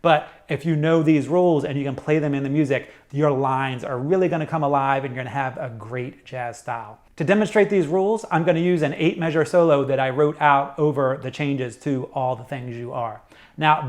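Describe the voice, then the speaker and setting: Man calmly teaching jazz sax phrasing. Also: mid-range voice, brisk. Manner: clear, methodical explaining with demonstrations. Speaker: saxophone teacher. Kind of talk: instructional music lesson.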